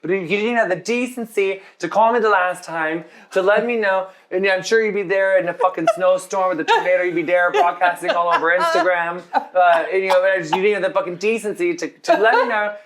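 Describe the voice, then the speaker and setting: An irate woman on a swearing rant against a dog groomer, pitched well above the speaker's usual voice, as a man mimics her. She sounds indignant and aggrieved. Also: a little fast, hardly any pauses, natural voice. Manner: ranting, swearing.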